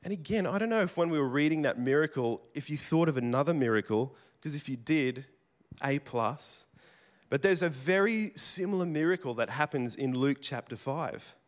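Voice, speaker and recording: A man's voice: on the high side, animated, moderate pace. A man preaching a sermon in a conversational storytelling way, with casual restarts and asides. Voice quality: plain working tradesman's speech.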